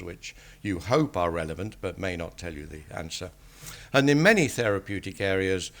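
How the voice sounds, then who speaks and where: An older Englishman who works as a statistician delivers an academic lecture in a lowish voice. His manner is measured and dryly wry.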